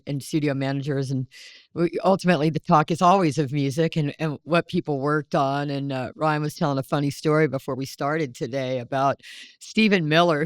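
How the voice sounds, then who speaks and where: A woman's voice: deep voice, no room sound. Candid, salty-tongued woman podcast host. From South Carolina, US. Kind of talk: casual storytelling chat. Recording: dry close-miked studio sound.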